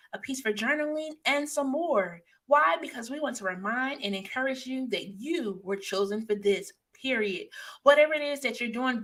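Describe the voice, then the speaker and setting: Bright, encouraging woman host. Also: fairly high pitch. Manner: encouraging, preacherly, emphatic bursts. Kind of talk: motivational live stream talk.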